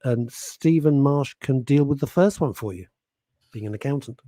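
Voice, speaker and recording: A man presenting on radio, telling a funny story with animated delivery and laughing as he goes. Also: medium pitch, normal speed, no echo. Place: radio studio. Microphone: studio microphone.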